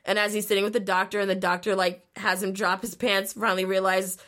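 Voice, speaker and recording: Young woman, casual podcast chat, animated storyteller, lots of "like", mid-pitched voice. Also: fast. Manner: chatty, peppers speech with "like", animated storytelling. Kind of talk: casual chat, retelling a show.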